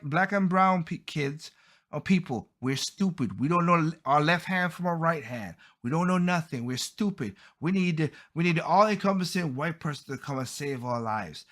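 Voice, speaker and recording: A man's voice: high voice, animated, moderate pace, sharp tone. A man hosting a podcast, giving heated, blunt opinion commentary and often stumbling over and repeating his words. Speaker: podcast host.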